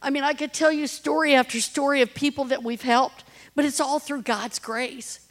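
A middle-aged woman with a fairly high voice speaks earnestly about serving people on the streets. She tells stories in plain, heartfelt words and acts out the voices of the people in them. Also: fairly even intonation, moderate pace. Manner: earnest, storytelling with quoted voices. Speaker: street ministry leader. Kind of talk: personal testimony talk.

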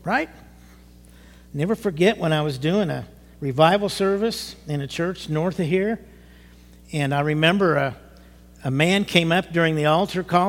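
High-voiced man preaching in a reverberant hall. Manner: animated, rising to emphatic bursts. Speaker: pastor. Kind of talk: sermon. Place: church sanctuary.

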